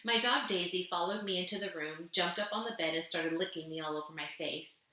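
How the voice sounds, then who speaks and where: A woman reading a children's novel aloud, gently narrating and lifting her voice for the characters. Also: a little fast. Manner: gentle storytelling, voicing characters with raised pitch. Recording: echoey room.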